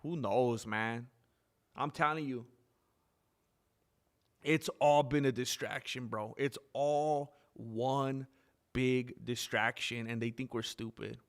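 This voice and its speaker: A man's voice: medium pitch, takes it slowly, pauses often. A man hosting a live stream in casual chat, rambling, reading viewer names aloud and correcting himself as he goes.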